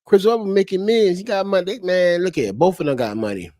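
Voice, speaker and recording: Fast-talking and a little mellow, with a voice that sits high, a man live-streams heated, profane commentary to his chat, repeating his points again and again. There is no echo.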